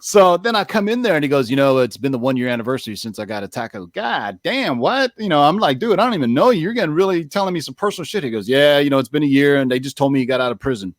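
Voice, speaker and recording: Animated man telling a story, dry sound. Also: mid-range voice, racing, hardly any pauses, dry recording. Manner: animated storytelling, loud swearing, acts out other voices. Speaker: podcast co-host. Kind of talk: casual chat.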